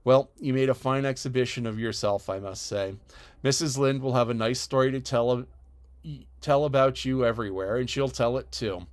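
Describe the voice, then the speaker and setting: A man's voice: medium pitch, clean tone, close to an everyday voice. A man voicing a stern middle-aged woman guardian in an audiobook, speaking dryly and with severity. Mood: scolding. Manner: dry, severe, measured. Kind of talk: audiobook character voice.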